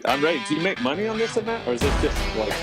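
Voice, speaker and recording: A middle-aged man as a podcast guest, talking in an animated, quick way that jumps up in pitch when he gets excited. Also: over loud music, low-quality recording. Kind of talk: casual interview chat.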